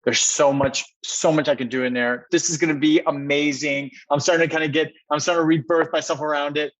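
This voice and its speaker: A man's voice: a little high, fairly even intonation, a little fast, fairly bright tone, dry recording, low-quality recording. A man, a company co-founder, telling a personal story as a podcast guest, earnest and repeating words for emphasis.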